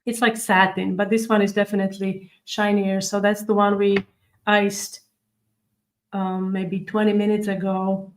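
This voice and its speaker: Here a woman hosts a cookie-decorating livestream, chatting as she demonstrates each step and reads viewer comments aloud. She speaks unhurriedly at a medium pitch with a flat delivery. The recording sounds rough.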